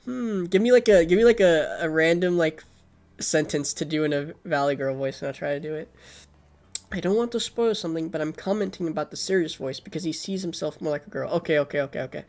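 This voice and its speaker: A man's voice: on the high side, fast talker, a little mellow. A man streaming a game, reading it aloud and chatting casually, sleepy and yawning, swearing often. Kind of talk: game stream chat and narration.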